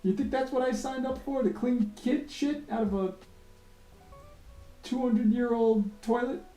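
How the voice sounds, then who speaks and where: A man puts on a fed-up middle-aged ranter, voice pushed high and strained. Every sentence is an exasperated, profane complaint. It sounds roomy and echoey, with faint music underneath. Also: fairly even intonation, measured pace, far from the mic. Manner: shouty, profane, exasperated ranting.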